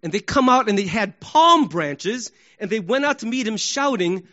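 A man preaching a sermon, animated, acting out crowd shouts and sports examples. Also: high-pitched, moderate pace, few pauses, lo-fi sound. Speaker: pastor.

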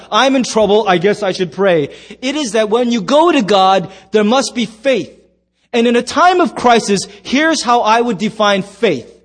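A man with a high, light voice preaches a sermon in a church. He tells stories with animated voices and bursts into shouts now and then. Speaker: pastor.

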